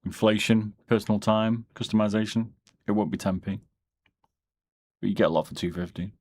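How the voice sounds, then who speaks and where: A man chatting casually on a live stream, rambling in a relaxed way as he answers questions from chat. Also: fairly low pitch, brisk. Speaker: streamer and mouse modder. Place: home, during a live stream.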